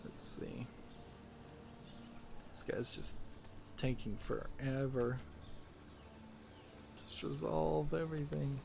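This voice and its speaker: A man's voice: medium pitch, fairly even intonation, slow, vocal fry, long pauses, noisy background. A man hosting a let's-play, giving casual commentary while thinking aloud with lots of fillers. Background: game music.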